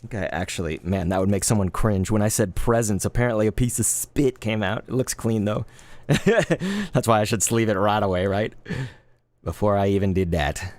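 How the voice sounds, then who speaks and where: A man in his thirties chatting casually while opening trading cards live, laid-back and quick to get excited. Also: on the low side, no echo. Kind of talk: live card-opening stream chat.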